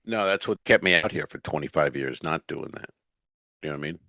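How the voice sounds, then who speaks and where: A man co-hosting a comedy podcast, telling profane, animated stories in casual chat. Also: extremely low pitch, a little fast, creaky, no echo.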